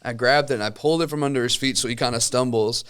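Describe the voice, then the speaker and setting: A man in his thirties telling a personal story in casual chat, with lively, halting restarts. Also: medium pitch, clean tone. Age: 30s. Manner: animated storytelling with many restarts. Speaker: co-host.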